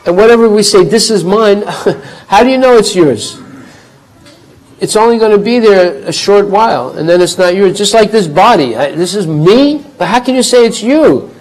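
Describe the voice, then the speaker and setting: High-pitched guy teaching a class, animated, does voices, chuckles. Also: normal speed, rough recording. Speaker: spiritual teacher. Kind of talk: storytelling class talk.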